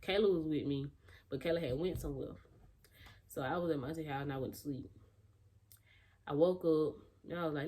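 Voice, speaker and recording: Young woman w/ aave telling her storytime, lowish voice, jumps around doing everyones lines. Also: fairly quick, long pauses, husky. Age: young adult. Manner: animated storytelling, acting out quotes. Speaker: vlogger. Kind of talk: casual storytime.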